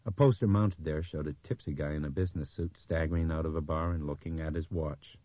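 A man narrating an audiobook in a measured, even storytelling manner. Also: extremely low pitch, dry recording, dull audio.

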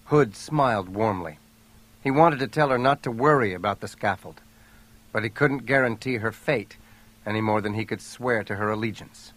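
A man narrating an audiobook thriller in a steady, even storytelling voice. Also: on the low side, normal speed. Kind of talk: scripted narration.

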